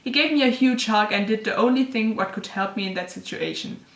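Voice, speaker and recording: Young woman vlogger, somewhat high voice, dramatic reading with giggly asides, roomy echo. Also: brisk. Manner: gushing, giggly, self-mocking. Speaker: YouTuber reading her old fanfiction. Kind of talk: dramatic reading with casual commentary. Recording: echoey room.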